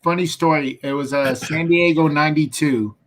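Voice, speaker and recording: Middle-aged man, guest artist, somewhat high voice, relaxed storyteller, animated asides. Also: normal speed. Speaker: guest comic book artist. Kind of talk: casual interview chat.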